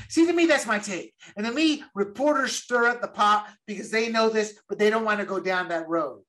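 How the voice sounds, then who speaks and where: A man's voice: high-pitched, normal speed, hardly any pauses, bright, forceful tone. A man co-hosting a podcast, chatting casually and emphatically about football and repeating words as he goes. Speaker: podcast co-host. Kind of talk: casual sports chat.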